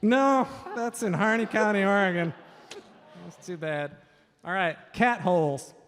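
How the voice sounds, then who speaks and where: A man's voice: sits high, a little slow, fairly bright tone. A man from Washington state hosting a live stage quiz, upbeat and chatty with joking asides, on a stage microphone. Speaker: quiz host. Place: large event hall. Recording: reverberant hall sound.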